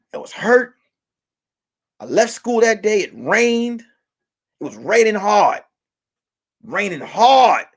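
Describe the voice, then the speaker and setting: A man doing stand-up comedy, telling a profane, rambling story with sudden loud outbursts. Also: sits high.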